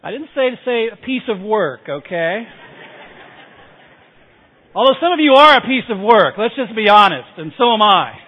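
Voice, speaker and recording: A man's voice: very high voice, expressive, normal speed. A male pastor preaching a sermon, emphatic, repeating key phrases and asking the congregation to respond. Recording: tinny phone-like sound.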